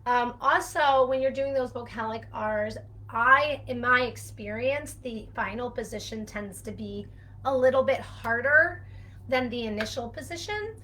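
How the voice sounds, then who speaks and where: Bright, chatty woman speech therapist. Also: on the high side, unhurried. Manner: chatty, rambling with fillers and laughs. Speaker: speech-language pathologist. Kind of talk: casual teaching talk to camera.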